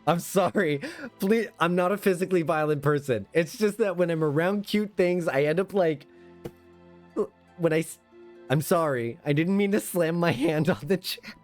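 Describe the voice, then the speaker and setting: A man streaming a game, chatting in an excitable, rambling, self-mocking way from a home setup. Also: on the high side, moderate pace, soft background music. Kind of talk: casual game stream commentary.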